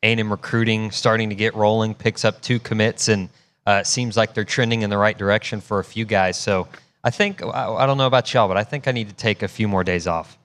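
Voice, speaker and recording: A man's voice: on the low side, fairly even intonation, fairly quick, a bit bright. A man, a radio show producer, chatting casually and easygoing in a studio.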